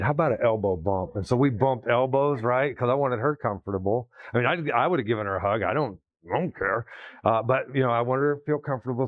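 A man's voice: on the low side, a little mellow, no room sound. A man preaching, telling a story in a conversational way and acting out the quotes. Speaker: pastor. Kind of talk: sermon story.

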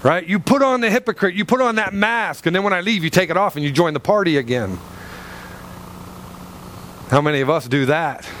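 A man's voice: high voice, fairly quick, long pauses, a bit bright, a little hiss or hum. A male pastor preaching a sermon in a church, firing rhetorical questions with dramatic swings in his delivery.

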